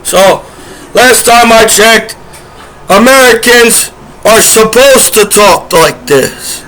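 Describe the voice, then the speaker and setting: A man's voice: high voice, takes it slowly, a bit bright, low-quality recording. A man vlogging to camera in a rambling, aggrieved, repetitive rant. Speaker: vlogger, disabled combat veteran. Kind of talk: rambling direct-to-camera monologue.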